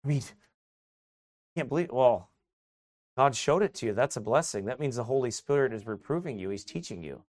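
A man's voice: medium pitch, lively intonation, brisk, darkish tone, no echo. A middle-aged man preaching a sermon as a pastor, chatty and joking, then building to emphatic exhortation. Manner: conversational preaching, rising to emphatic exhortation, laughs often.

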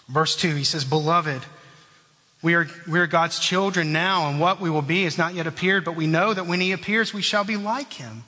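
High, bright-voiced male preacher in a reverberant hall. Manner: earnest preaching, swoops low at phrase ends, addresses listeners as friends. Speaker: pastor. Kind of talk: sermon.

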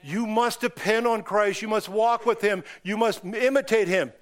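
A man with a fairly high voice preaching an impassioned sermon in a church. His delivery is emphatic, and his voice climbs and falls suddenly as he drives each point home. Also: moderate pace. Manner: impassioned, emphatic preaching with sudden rises and drops in pitch and loudness. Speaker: pastor.

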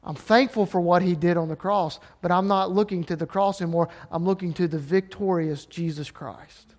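Southern man preaching, high tenor, rises to emphatic peaks. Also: steady tone, normal speed, darkish tone. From Alabama. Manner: impassioned, rising to emphatic peaks. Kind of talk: sermon.

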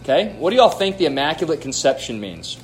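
A man's voice: fairly high pitch, very animated, fast talker, a little hiss or hum. A man leading a church question-and-answer night, teaching from scripture in an emphatic way and putting questions to the audience. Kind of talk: Bible teaching Q&A. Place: church hall.

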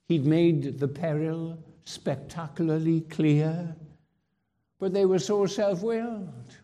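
A man's voice: fairly high pitch, takes it slowly, mellow. A man preaching a sermon, emphatic, with rhetorical questions and repeated phrases. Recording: long hall reverb.

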